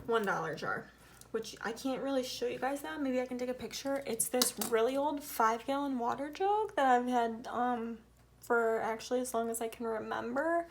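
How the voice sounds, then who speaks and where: A woman's voice: fairly high pitch, normal speed, gravelly, slight background noise. A woman with a Southern US accent talking through her budget in a casual vlog, counting bills aloud and sometimes murmuring the tallies under her breath. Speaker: budgeting vlogger.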